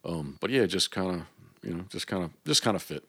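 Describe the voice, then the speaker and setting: A man's voice: low-pitched, brisk, slightly rough. A man being interviewed on a podcast, telling stories in a casual way and acting out the back-and-forth of what people said to him. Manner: animated storyteller who acts out quoted exchanges. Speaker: hunting and fishing guide.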